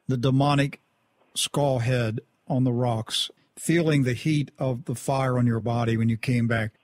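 A man's voice: medium pitch, no room sound. A man hosting a faith interview, asking leading, emphatic questions. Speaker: interview host.

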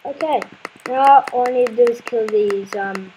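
A woman's voice: on the high side, moderate pace, warm tone, a little hiss or hum, poor audio. A woman playing a video game, commenting casually and exclaiming in frustration with repeated words. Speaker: let's play gamer.

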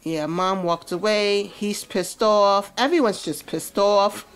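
A woman's voice: medium pitch, takes it slowly, clear, resonant tone. A woman giving casual let's-play commentary, chatting about what her game characters feel. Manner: chatty, narrates characters' feelings. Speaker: gameplay commentator.

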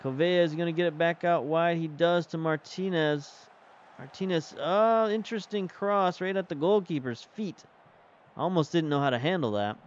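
This male streamer's voice is a little high and his pace moderate as he offers casual commentary on a football management game. He's chatty, musing aloud over tactics and substitutions while managing the match. The sound quality is lo-fi.

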